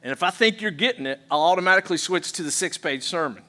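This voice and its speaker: A pastor preaching a playful sermon and leading the congregation in call-and-response. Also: male voice, sits high, lively intonation, fast, bright, forceful tone. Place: church sanctuary.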